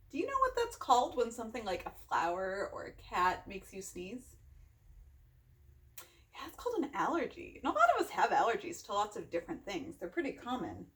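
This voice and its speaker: A woman hosting a children's storytime, reading a picture book aloud and gently asking the listeners questions. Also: a little high. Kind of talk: interactive read-aloud for children.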